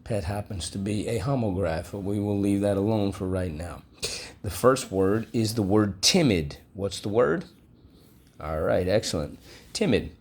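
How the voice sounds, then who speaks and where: A man teaching a vocabulary and phonics lesson, drawing out each word slowly and deliberately. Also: fairly low pitch, expressive, a little mellow. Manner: slow, deliberate, with drawn-out modeled words.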